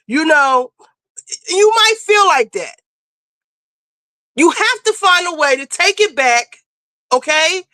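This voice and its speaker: Blunt, high-pitched woman streamer scolding. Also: lively intonation, slow, long pauses, pushed and bright, no echo. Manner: blunt, profane, lecturing; emphatic, scolding. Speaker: streamer host. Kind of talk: casual commentary.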